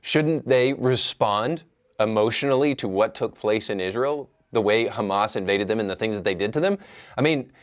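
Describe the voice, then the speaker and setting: A man with a fairly low voice gives commentary on clips. He is measured and argumentative, and he presses his points steadily. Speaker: host.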